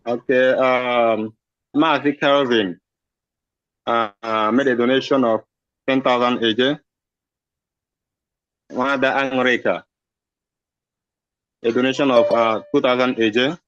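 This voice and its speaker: A man reading out donation updates on a call, hesitant and full of pauses. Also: mid-range voice, steady tone, fairly bright tone, clear, resonant tone, no room sound, dull audio. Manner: hesitant, many uhs. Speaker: state donations reporter.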